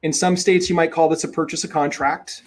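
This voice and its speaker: A man teaching real estate investing in a webinar, talking in an emphatic, energetic way and repeating his key points. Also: fairly high pitch, fairly quick. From Minnesota.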